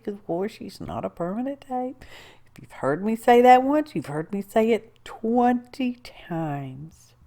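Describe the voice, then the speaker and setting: A woman's voice: a little high, mellow. A woman, chatting her way through a crafting tutorial, rambling with asides and talking to herself as she works. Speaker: craft video host. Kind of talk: casual crafting tutorial narration.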